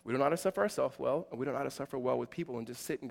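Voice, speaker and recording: A man in his forties preaching a sermon in a conversational way, with many fillers and restarts, moving between loud emphasis and quiet asides. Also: mid-range voice, racing, gravelly, in a large hall. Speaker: pastor.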